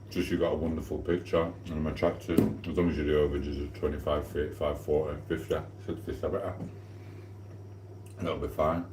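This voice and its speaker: Livestream host, man, very low voice, rambling cheeky banter, eats on mic in a roomy kitchen. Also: background noise. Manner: rambling, cheeky and flirty, eating while talking. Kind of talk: casual live-stream chat. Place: home kitchen.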